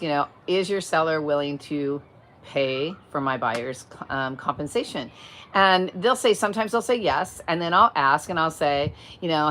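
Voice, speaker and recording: A woman's voice: lowish voice, a bit bright, a little hiss or hum. Chatty woman agent on a livestream. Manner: chatty, explains step by step, greets viewers mid-sentence. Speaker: real estate agent hosting a livestream. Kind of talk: casual livestream talk. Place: at home, outdoors or by a window, wind.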